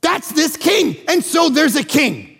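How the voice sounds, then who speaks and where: Male pastor mid-sermon: high, gravelly voice, animated, acts out characters, big reverberant church. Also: a little slow. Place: church auditorium. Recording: large hall with long reverb.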